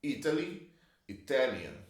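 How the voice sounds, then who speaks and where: A man's voice: mid-range voice, very animated, a little slow. A man teaching English grammar, explaining patiently and drawing out each example sentence. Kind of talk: slow, clear classroom explanation. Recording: echoey room.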